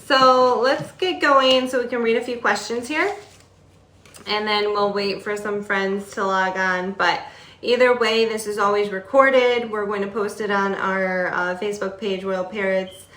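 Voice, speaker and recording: A woman's voice: medium pitch, steady tone, unhurried, fairly bright tone, reverberant. A woman hosting a casual live stream on her phone, chatty and easygoing, laughing now and then as she talks to a pet bird. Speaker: host of a parrot shop's live stream.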